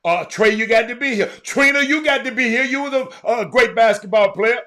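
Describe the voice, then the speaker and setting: Guy hosting his show, real high voice, rambles, yells at folks then mumbles. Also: brisk. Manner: animated, repeats himself, drifts between loud calls and low mutters. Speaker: show host. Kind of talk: casual live-stream chat.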